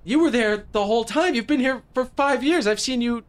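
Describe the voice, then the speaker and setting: A man voicing a fierce, sarcastic young noblewoman at the tabletop, in a high, indignant voice. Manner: high, shrill, rapid and indignant.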